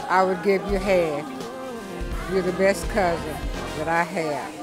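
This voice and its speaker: A woman in her seventies telling a lively, funny story from her youth as a birthday message. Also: fairly low pitch, measured pace. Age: 70s. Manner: lively storyteller, acts out voices from memories. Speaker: birthday well-wisher. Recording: music and crowd noise behind.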